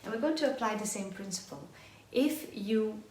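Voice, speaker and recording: This energetic woman speaks at normal speed in a mid-range voice while leading a live online belly dance class, counting and singing rhythms as she moves. Her distance from the mic keeps shifting. There's slight background noise, faint music, and an echo to the room.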